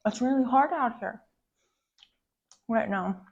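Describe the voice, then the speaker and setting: A woman's voice: fairly high pitch, slow pace, vocal fry, darkish tone, muffled recording. A woman content creator venting in a POV girlfriend role-play, swearing often and calling the listener babe. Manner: profane, ranting, calls the listener babe.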